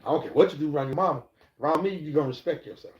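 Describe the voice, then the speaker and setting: Casting: middle-aged male streamer, fairly high voice, rambling and profane, echoey lo-fi room. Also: very fast. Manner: loose and profane, rambling, preachy asides. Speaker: live streamer. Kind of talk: casual live-stream talk. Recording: echoey, dull lo-fi room sound.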